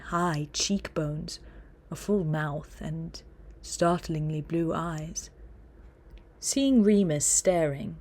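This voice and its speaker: A woman narrating an audiobook in a steady storytelling manner. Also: lowish voice.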